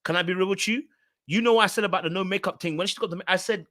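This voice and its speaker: A man's voice: high voice, racing, bright, forceful tone, no echo, studio quality. A man hosting a casual reality TV recap. He talks straight to his viewers and repeats words for emphasis.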